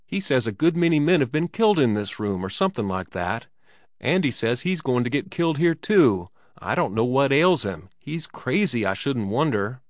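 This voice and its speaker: A man's voice: medium pitch, very animated, moderate pace, no echo, clean studio sound, close to an everyday voice. A man voicing the innkeeper's sullen young son, defensive and aggrieved, in a story reading. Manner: defensive, aggrieved, crude speech.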